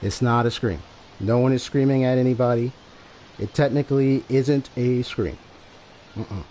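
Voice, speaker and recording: A man's voice: mid-range voice, moderate pace, dark tone, a little hiss or hum. A man livestreaming a game, talking casually to his chat in a rambling, repetitive way as he explains himself. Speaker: game streamer. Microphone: desk microphone.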